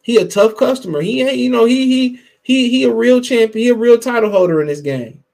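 A man's voice: very high-pitched, lively intonation, brisk, vocal fry, darkish tone. A man hosting a boxing podcast, giving heated, profane casual commentary while greeting his live chat. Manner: profane, heated, emphatic and repetitive.

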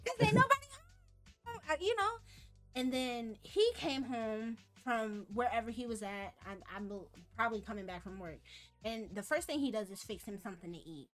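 A woman's voice: fairly high pitch, animated, moderate pace, a bit bright, faint music behind. A young woman telling stories in a casual podcast chat, slangy and profane, laughing between phrases.

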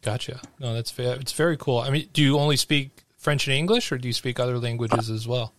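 A man's voice: mid-range voice, brisk, fairly bright tone, dry recording. Chatty male podcast host. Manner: curious, chatty, filler-heavy questions. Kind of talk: casual interview chat.

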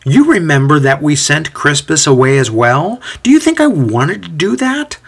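Man playing a defensive synagogue leader, indignant, raised pitch, animated. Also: moderate pace, vocal fry, husky, exaggerated voice. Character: defensive middle-aged male synagogue leader.

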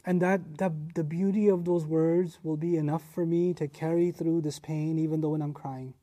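A man with a slightly high voice delivers a Quran commentary lecture with deep earnestness. He leans into his points, sometimes dropping almost to a hush and sometimes pushing with real force. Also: steady tone, normal speed. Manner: earnest, emphatic, swings from hushed to forceful. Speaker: Islamic teacher.

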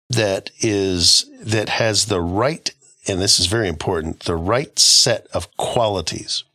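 A man's voice: on the low side, pushed and bright, no room sound, clean studio sound. A middle-aged man in a casual podcast discussion, rambling through stories with frequent restarts.

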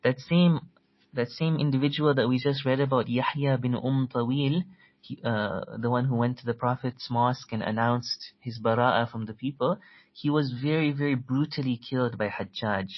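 A man giving a storytelling religious lecture, earnest, quickly reciting Arabic quotations between his explanations. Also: medium pitch, fairly even intonation, dull audio. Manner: earnest, tells stories, quotes Arabic quickly.

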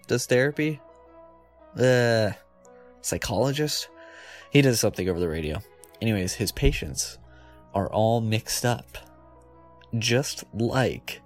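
A man hosting a comedy show, rambling playfully, giggling and correcting himself as he goes. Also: medium pitch. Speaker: comedy podcast host.

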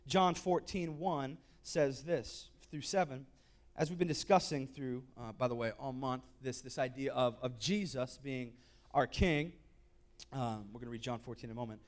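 A man preaching a sermon to a church congregation, conversational and joking, then building to shouted exhortation. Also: mid-range voice, normal speed. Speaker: pastor.

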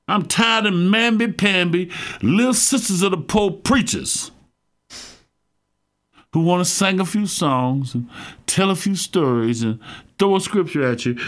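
A middle-aged man with a gravelly voice preaching a sermon, fervent and emphatic, calling out to his listeners. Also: high voice, a bit bright. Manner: fervent, emphatic preaching with call-outs to the congregation. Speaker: pastor.

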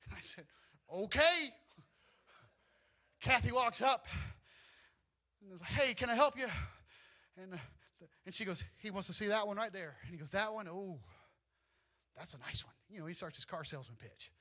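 A man preaching a sermon, telling personal stories in an animated way that often rises almost to a shout. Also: sits high, brisk. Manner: animated storytelling, often rising to near shouts, with laughs. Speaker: pastor.

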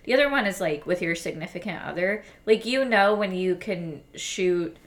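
A woman's voice: on the low side, lively intonation, normal speed. A young adult woman co-hosting a podcast, chatting casually and bluntly, full of "like" and jokes. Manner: blunt, joking, sprinkled with "like". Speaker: podcast co-host. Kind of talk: casual chat.

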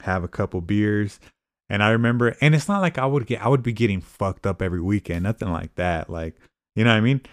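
A man's voice: fairly low pitch, quick pace, dry recording, studio quality. A man talking casually and rambling, with many fillers and repeated "I remember". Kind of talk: casual podcast chat.

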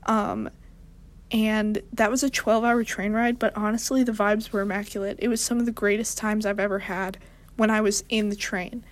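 A young woman hosting a show, talking in a rambling, casual monologue with strong vocal fry and deadpan, self-mocking humor. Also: mid-range voice. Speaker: podcast host.

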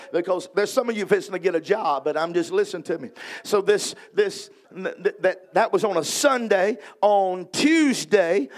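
A male evangelist preaching at a revival, telling a story in a folksy way and acting out the dialogue, building to fervent preaching. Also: sits high.

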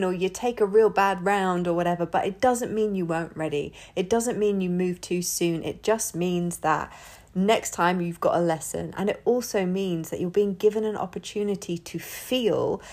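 A woman's voice: on the low side, a little mellow. A woman hosting her own podcast in a casual solo monologue, talking candidly, swearing freely and often breaking into laughter. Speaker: podcast host.

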